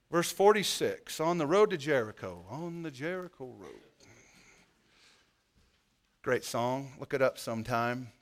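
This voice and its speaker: A male pastor preaching an impassioned sermon in a folksy way with joking asides, swinging from hushed lines to loud ones. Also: mid-range voice.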